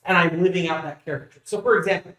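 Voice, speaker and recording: A man co-hosting a podcast in casual debate, relaxed and jokey as he pushes back on his co-host. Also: high voice, very fast. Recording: roomy echo.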